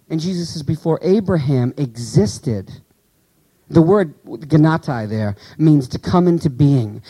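A pastor with a fairly high yet mellow voice preaches a sermon, using animated rhetorical questions with his congregation. Scripture passages he reads slowly and weightily. The audio is poor.

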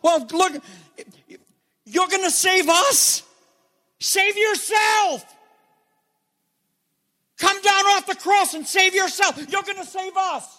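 A cruel, mocking crowd of grown men, put on by a preacher, shouting their taunts in a high, strained pitch. The voice rings out with a long hall reverb behind it. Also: male voice, slow pace, pauses often, heavily acted. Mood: taunting.

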